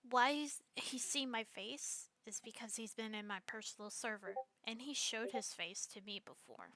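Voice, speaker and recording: A woman's voice: on the high side, normal speed, sharp tone, dry recording. A young woman hosting a stream, reading messages aloud and answering them in an aggrieved, sarcastic way. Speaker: streamer host.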